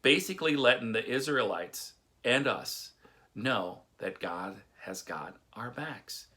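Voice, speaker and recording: A man's voice: mid-range voice, lively intonation, slow pace, pushed and bright. A middle-aged man from Texas giving a casual devotional talk, telling folksy stories with chuckles and restarts. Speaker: devotional speaker.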